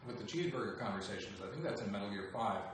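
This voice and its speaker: A man answering fan questions in a relaxed, joking livestream chat. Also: lowish voice, racing. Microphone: phone some distance away. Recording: echoey room, voice from far off, faint background noise.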